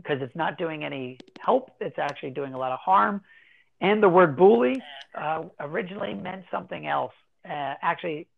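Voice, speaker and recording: A man talking casually as an interview guest, explaining in an animated way and acting out children's voices as he goes. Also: on the high side, creaky. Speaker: guest, anti-bullying educator. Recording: tinny phone-like line.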